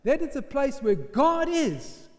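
A man preaching a sermon as vivid storytelling, dropping to hushed lines and then rising to loud shouted quotes. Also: very high voice, big pitch swings, takes it slowly. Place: church hall. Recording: long reverb of a church hall.

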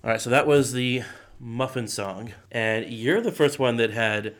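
A man's voice: mid-range voice, unhurried, soft background music. A man hosting a Christian podcast, casually setting up a clip for listeners. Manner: conversational, introduces segments. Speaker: podcast host.

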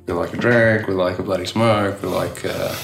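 Gravelly low Australian man, echoey room. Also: fairly even intonation, normal speed, fairly bright tone, a little hiss or hum. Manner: rambling, many "you know" fillers and restarts. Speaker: tattoo artist guest. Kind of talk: casual interview chat.

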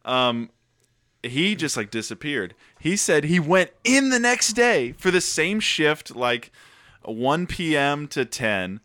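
A young man with a bright, forceful voice. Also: on the high side, takes it slowly, no room sound, studio quality. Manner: animated, profane, laughing storytelling. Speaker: storyteller. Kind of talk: casual chat.

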